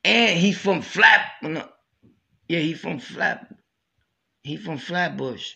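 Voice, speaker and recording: A man's voice: on the high side, lively intonation, slow pace, creaky, sharp tone. A man from Brooklyn with a New York accent, hosting a podcast and telling stories in streetwise slang, often saying "you know what I'm saying". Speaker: podcast host. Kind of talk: storytelling.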